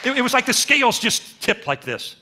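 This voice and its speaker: An older man telling his faith story as a sermon at a church, with animated storytelling and acted-out quotes. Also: very high voice, a little fast, a crowd in the background, noisy background. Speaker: speaker at a church. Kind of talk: testimony sermon.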